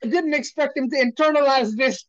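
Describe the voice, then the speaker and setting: A man's voice: very high-pitched, fairly quick, dry recording. A man co-hosting a podcast, telling a story in casual chat with lots of laughter and restarts. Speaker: podcast co-host. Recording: dry, slightly muffled lo-fi audio.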